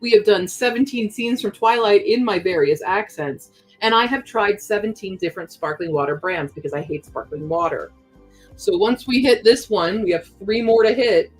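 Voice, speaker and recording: A woman's voice: mid-range voice, moderate pace, breathy edge, soft background music, low-quality recording. A young woman chatting casually with her stream viewers while she works on a craft project, reading chat aloud as she goes.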